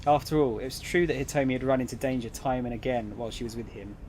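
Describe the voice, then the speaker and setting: A man reading a visual novel aloud on his stream, narrating in a plain, middle-pitched voice. Now and then he breaks off for casual, jokey asides. A faint hiss sits behind him. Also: steady tone, fast talker, a little mellow.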